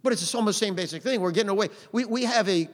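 A middle-aged man preaching a sermon in a conversational way, punching out phrases loudly and adding "amen". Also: high-pitched, very fast. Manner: conversational preaching with sudden loud emphatic phrases and frequent "amen". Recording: long hall reverb.

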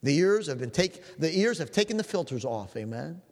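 A man's voice: fairly high pitch, very animated, moderate pace. A male preacher delivering a sermon with an emphatic, repetitive preaching cadence. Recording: long hall reverb.

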